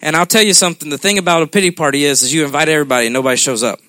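A man's voice: a little high, racing, bright, forceful tone, no room sound. A man preaching a sermon in a conversational way, often checking in with the congregation. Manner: conversational preaching with frequent "okay?" check-ins.

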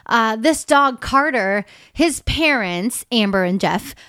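A woman's voice: on the high side, lively intonation, slow, fairly bright tone, smooth, dry recording, studio quality. A woman in her thirties, a dog photographer co-hosting a podcast in casual, rambling chat full of fillers. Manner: chatty, rambling with many fillers.

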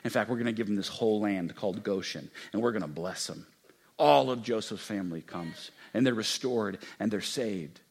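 Impassioned preacher, hushed to booming. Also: male voice, gravelly, slightly rough. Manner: dynamic preacher, swings from hushed to loud and emphatic; acts out quoted speech with slow, drawn-out emphasis. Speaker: pastor. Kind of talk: sermon.

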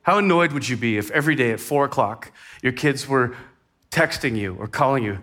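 A man preaching a sermon in a conversational way, rising in intensity and then dropping to a hushed tone. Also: fairly high pitch, sing-song, fairly quick. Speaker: pastor.

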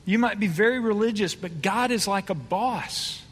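A man's voice: high voice, normal speed, fairly bright tone, breathy edge. A man preaching a conversational sermon, asking his congregation questions. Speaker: pastor. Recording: reverberant hall.

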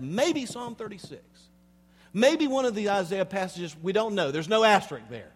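A man's voice: sits high, very animated. Man preaching in a reverberant hall. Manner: swings between hushed, slow passages and loud, emphatic preaching; addresses the congregation directly with rhetorical questions. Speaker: pastor. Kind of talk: sermon.

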